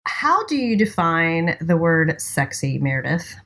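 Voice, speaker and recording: A woman's voice: low voice, big pitch swings, unhurried, fairly bright tone. A woman co-hosting a podcast, chatting in a supportive way. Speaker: podcast co-host. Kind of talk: casual podcast conversation.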